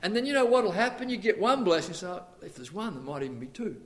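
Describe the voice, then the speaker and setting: High pitched guy preaching a sermon, lots of questions to the crowd, gets loud then goes quiet. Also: very animated, quick pace. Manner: rhetorical questions, swings between loud and hushed. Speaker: pastor.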